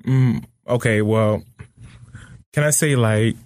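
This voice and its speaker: A man in his thirties co-hosting a podcast, animated and laughing, in raunchy casual chat. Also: medium pitch, slow pace, no echo, studio quality. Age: 30s. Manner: animated, laughing, repeats agreement words. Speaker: podcast co-host.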